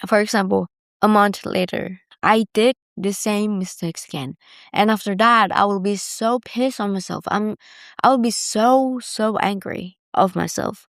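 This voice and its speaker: This young woman's solo podcast is casual, candid, and confessional, her rambling sentences stuffed with "like." She speaks in a mid-range voice with vocal fry, and the studio sound is clean with no echo.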